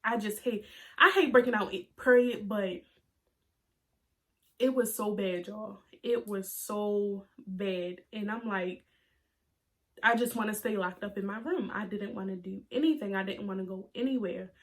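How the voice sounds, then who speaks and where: A young woman in her twenties telling a personal story to her camera, halting and emotional as she holds back tears. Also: medium pitch. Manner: halting, many fillers and restarts. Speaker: vlogger.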